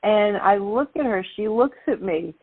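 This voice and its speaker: Animated woman telling stories over a tinny line. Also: medium pitch, moderate pace, slightly rough, dry recording. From Brooklyn, New York. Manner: lively, animated storyteller. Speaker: guest. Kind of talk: interview storytelling.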